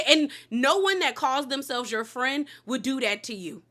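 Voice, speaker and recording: Animated bright-voiced woman recapping TV. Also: high-pitched. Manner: animated and emphatic, slangy, quick to laugh. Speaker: TV show recap host. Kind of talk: casual TV recap commentary.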